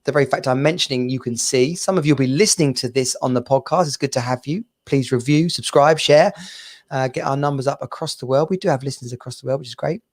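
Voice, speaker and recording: A man's voice: mid-range voice, fast talker. A man from England hosting a podcast over a video call, chatting in a bouncy, laughing way. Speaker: podcast host. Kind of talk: casual chat.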